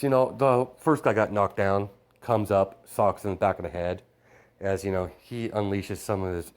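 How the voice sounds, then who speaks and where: A low-voiced man retells a fan story off the cuff. He rambles, restarts often and leans on "you know" at every turn. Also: darkish tone.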